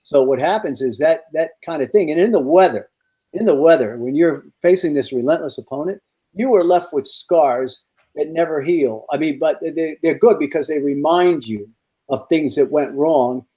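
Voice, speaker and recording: A man who is a meteorologist, guesting on a podcast and telling rambling, animated stories with many restarts. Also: a little high, normal speed, husky. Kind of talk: casual podcast storytelling.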